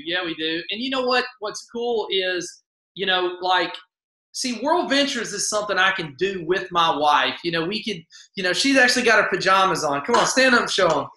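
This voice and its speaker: Folksy man with a bright voice. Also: high-pitched, animated, normal speed, roomy sound, low-quality recording. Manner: upbeat, folksy, repeats himself. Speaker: co-host of an online sales party. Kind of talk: casual sales pitch.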